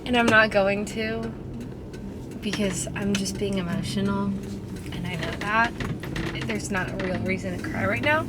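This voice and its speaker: A woman's voice: a little high, slow pace. A young woman vlogging in a casual diary style, chatty and earnest, rambling with lots of "like". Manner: chatty, rambling, fills talk with "like"; earnest, heartfelt. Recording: loud background noise.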